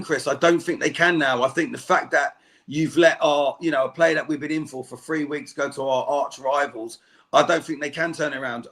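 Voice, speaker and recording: A man's voice: on the high side, a bit bright. A man speaking as a fan guest on a podcast, ranting angrily and swearing in heated chat. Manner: angry, swearing rant. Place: home.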